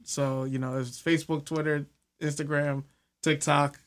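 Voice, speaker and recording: A man's voice: fairly high pitch, level tone, moderate pace. A man guesting on a radio show, talking casually about his podcast in an earnest, hesitant way, with lots of fillers. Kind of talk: casual interview chat.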